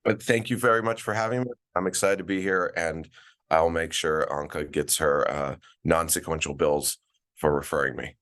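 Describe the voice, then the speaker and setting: A man in his forties with a very deep, low-pitched voice, chatting as a podcast guest. He tells stories in a loose, relaxed way, full of fillers and restarts. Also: moderate pace. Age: 40s. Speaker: guest, events director. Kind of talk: casual interview chat. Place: at a conference, remote call.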